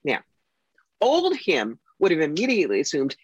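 A woman psychic and author telling stories in a casual interview, animated and acting out the voices of the people she quotes. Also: low voice, normal speed, husky, no room sound. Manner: animated storyteller who acts out quoted voices. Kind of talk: casual interview talk, storytelling. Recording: dull lo-fi recording.

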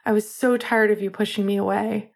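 A woman voicing an earnest young man who rambles, softly pleading and blaming himself. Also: medium pitch, flat delivery, fairly quick, vocal fry, slightly rough.

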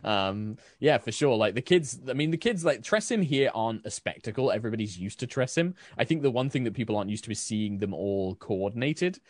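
A man's voice: medium pitch, lively intonation, brisk, few pauses, no echo, studio quality. A man narrating a tabletop game as game master, casual and rambling with many fillers.

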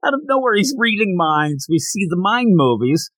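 Lively, animated man recapping a comic. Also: sits high, moderate pace, dry recording, low-quality recording. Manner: animated storyteller, jokey asides. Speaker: podcast host. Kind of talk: casual manga chapter recap.

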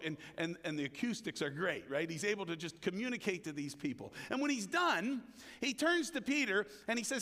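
A man with a high, very lively voice delivers a sermon, speaking casually to his congregation as if chatting with them. He acts out the words of the people in his story with big swings in pitch. The sound carries a long reverb, as in a large church hall. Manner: conversational, frequent "right?" asks to the congregation. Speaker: preacher.

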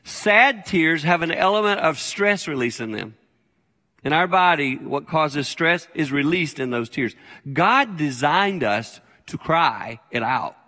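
A man's voice: on the high side, pushed and bright. An older man preaching a sermon as a pastor, conversational and plain-spoken, repeating his key phrases. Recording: long hall reverb.

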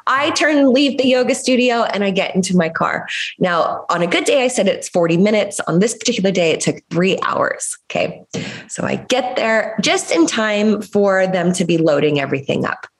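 Low-voiced woman telling a story. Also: normal speed. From United States. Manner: animated, expressive storyteller. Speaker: guest. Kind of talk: storytelling in an interview. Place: Los Angeles area.

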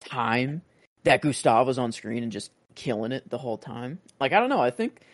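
A man's voice: mid-range voice, animated, moderate pace, no echo. A man co-hosting a podcast, talking casually and ramblingly about a film, full of fillers and restarts. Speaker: podcast co-host.

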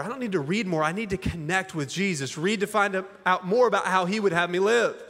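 A man's voice: high-pitched, brisk, hardly any pauses, a bit bright. A man preaching a sermon as a pastor, in a folksy, conversational way full of rhetorical questions. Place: church auditorium. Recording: long church hall reverb.

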